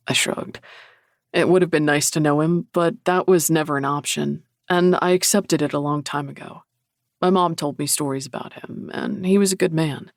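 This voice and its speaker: A man narrating a paranormal romance audiobook in the first person, with a low, even, intimate delivery. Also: moderate pace, vocal fry, no echo, studio quality.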